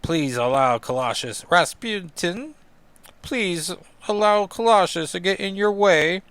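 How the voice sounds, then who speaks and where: A man voicing a big, stoic Russian hero with a put-on Russian accent, speaking slowly and formally. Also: high-pitched, lively intonation, fairly bright tone, smooth, dry recording, voice pushed up, exaggerated voice. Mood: stern. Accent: fake Russian.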